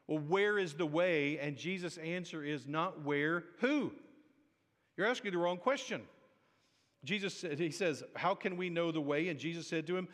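Joking pastor in a reverberant hall. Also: male voice, a little high, sing-song, moderate pace, fairly bright tone. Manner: conversational, joking asides, builds to emphatic peaks. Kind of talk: sermon. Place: church sanctuary.

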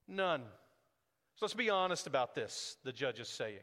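A male pastor delivers an expository sermon in a slightly high voice. He builds to emphatic, forceful peaks and then slows to grave, deliberate phrases. The long reverb of a large church sanctuary trails after his words. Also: big pitch swings.

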